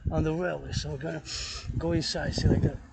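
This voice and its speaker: A man's voice: fairly high pitch, little pitch movement, quick pace, creaky, heavy background noise. A man vlogging outdoors on a mountain forest trail while walking, rambling and repeating himself, breaking into chanted freestyle rhymes. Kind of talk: walking vlog with freestyle singing.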